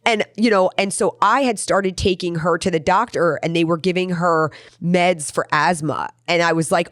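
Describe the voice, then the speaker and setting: A woman's voice: on the low side, normal speed, few pauses, dry recording, clean studio sound. A middle-aged woman hosting a podcast, telling a personal story in an earnest, rambling way. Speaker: podcast host. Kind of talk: casual podcast chat.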